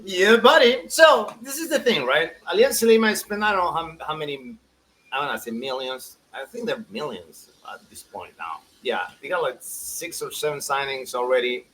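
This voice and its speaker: Animated man chatting about soccer. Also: fairly high pitch, moderate pace, slight background noise, low-quality recording. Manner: animated, laughing, many restarts. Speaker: soccer show co-host. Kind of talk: casual sports chat.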